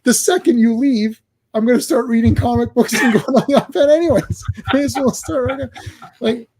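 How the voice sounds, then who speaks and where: A man's voice: extremely high pitch, brisk, background noise. A man hosting a casual wrestling podcast, telling long rambling stories and laughing at himself. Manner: rambling, self-amused storytelling. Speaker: podcast host. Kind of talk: casual chat.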